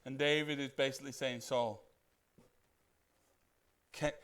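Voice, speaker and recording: A man preaching a sermon as pastor, animated and putting questions to the congregation. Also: medium pitch, unhurried, slight background noise.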